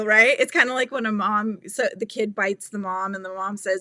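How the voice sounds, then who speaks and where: Female livestream host with a bright, crisp, somewhat high voice, giggly and chatty. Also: moderate pace, dry recording. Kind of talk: casual livestream chat while crocheting.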